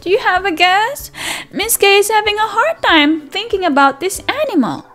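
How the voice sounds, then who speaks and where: A woman teacher reading a picture book aloud to toddlers, animated and sing-song, with excited gasps and friendly questions to the children. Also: extremely high pitch, moderate pace, faint music behind. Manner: speaks directly to young children with questions and praise. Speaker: children's teacher and channel host. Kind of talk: read-aloud storytelling for toddlers.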